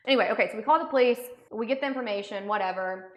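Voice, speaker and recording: A woman's voice: on the high side, very fast, highs cut off. A young woman vlogger telling a story as an indignant, sarcastic rant. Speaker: makeup vlogger. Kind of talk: storytime rant while doing makeup. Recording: roomy echo.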